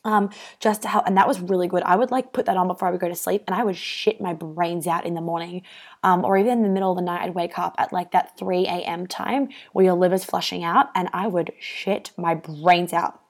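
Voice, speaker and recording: A young woman hosts a wellness podcast, chatting casually and candidly, swearing freely, and filling her speech with lots of "um" and "like." Her lowish voice is steady in tone and a little fast.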